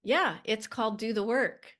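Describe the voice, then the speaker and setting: A woman acting as a spiritual coach on a podcast, calm and affirming, speaking of guides and the divine. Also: fairly high pitch, moderate pace. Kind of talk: coaching conversation.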